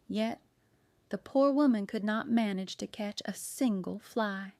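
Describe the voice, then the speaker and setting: A woman reading a cozy mystery audiobook aloud, telling it in a lively way. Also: medium pitch, a little slow, clear, resonant tone, no echo, clean studio sound. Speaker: audiobook narrator. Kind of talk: scripted narration.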